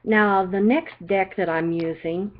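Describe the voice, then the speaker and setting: A woman's voice: mid-range voice, fairly even intonation, unhurried, a little hiss or hum. An older woman doing a chatty, reassuring psychic card reading, often checking in with "okay?". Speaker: psychic reader. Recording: dull lo-fi recording.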